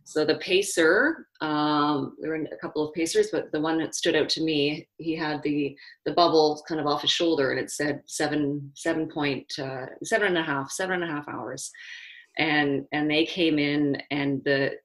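Middle-aged woman, low voice, casual storytelling, halting, many restarts. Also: fairly even intonation, low-quality recording. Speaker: interview guest, marathon runner.

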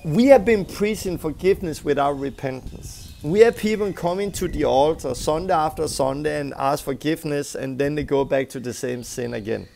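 A middle-aged man preaches in a Scandinavian-accented voice that sits high and has a gravelly edge. He talks with emphasis and pushes his points hard. Now and then he acts out little scenes. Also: moderate pace, hardly any pauses, mellow, a little hiss or hum. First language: Danish. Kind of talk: sermon teaching.

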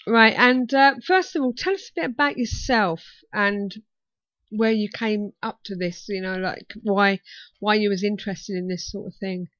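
A woman's voice: mid-range voice, moderate pace, fairly bright tone, no echo. A woman hosting a casual talk show, chatty and hesitant with lots of fillers. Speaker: radio talk show host. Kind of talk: casual chat. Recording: muffled dry sound.

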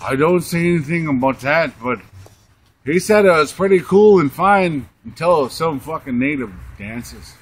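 A young man putting on a drunk, rambling grown man who talks slowly and halts over many fillers, as a comic impression among friends. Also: fairly high pitch, expressive, slight background noise.

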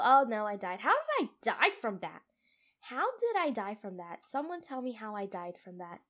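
A young woman casually commentating her own survival game at home, jittery and giggly, easily startled and quick to laugh at herself. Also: mid-range voice, sing-song, a bit bright. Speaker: gamer playing a survival game. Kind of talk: casual let's play commentary. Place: room at home.

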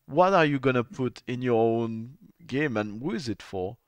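A man hosting a podcast interview, easygoing and filling pauses with "uh". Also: mid-range voice, lively intonation, smooth, no echo. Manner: easygoing, with filler "uh"s. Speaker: podcast host. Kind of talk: casual interview chat.

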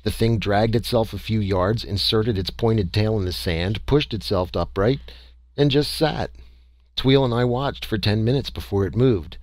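Low-voiced man reading an audiobook. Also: darkish tone, dry recording. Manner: measured first-person storytelling. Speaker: audiobook narrator. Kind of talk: scripted audiobook narration.

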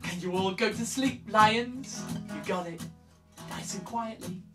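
A woman's voice: medium pitch, unhurried. A woman leading an interactive preschool music lesson, counting out words and coaxing children in a sing-song way.

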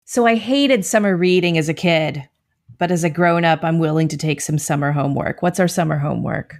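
Low-voiced woman co-hosting with questions. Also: brisk. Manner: asks friendly practical questions. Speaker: podcast co-host. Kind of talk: casual podcast chat.

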